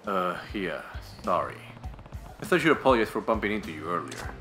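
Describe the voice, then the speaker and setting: A man voicing a stoic, blunt tough guy in a low, clipped delivery. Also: sing-song, fairly quick, a bit bright. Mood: calm. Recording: roomy echo, faint game music.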